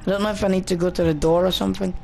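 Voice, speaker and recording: A man's voice: high-pitched, little pitch movement, very fast, gravelly, darkish tone, a little hiss or hum. A man commentating on a horror game as he plays, talking to himself in a nervous, frightened way. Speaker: gaming channel host.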